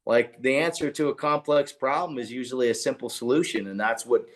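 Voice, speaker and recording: A man who is a chiropractor and podcast co-host, chatting casually and telling clinic stories in an excitable, blunt way. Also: mid-range voice, fairly quick.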